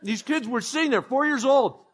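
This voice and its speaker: A man preaching a sermon as pastor, conversational and joking, telling animated stories. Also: very high-pitched, moderate pace, breathy edge.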